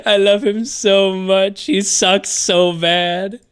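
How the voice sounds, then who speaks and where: A young man streaming a game live, rambling and excitable with lots of fillers. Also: high voice, slow, clean tone.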